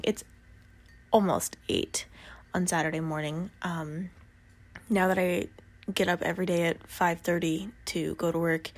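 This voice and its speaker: Young woman rambling on her phone in the basement, gravelly sleepy voice, trips over words a lot. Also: on the low side. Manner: chatty, rambling, self-deprecating, often stumbling over words. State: groggy morning voice. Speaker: true crime podcaster. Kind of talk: casual chat and true crime storytelling. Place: home basement.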